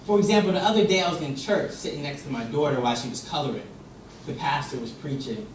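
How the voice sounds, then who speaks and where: A young man giving a humorous contest speech, telling an animated story and acting out voices. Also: fairly high pitch, quick pace, slight background noise. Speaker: contest speaker. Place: large hall with audience. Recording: distant mic in echoey hall with audience.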